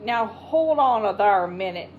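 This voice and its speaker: A woman's voice: medium pitch, lively intonation, unhurried, phone-quality sound, slight background noise, natural voice. A woman voicing a shifty, defensive cowboy who drawls in a folksy way.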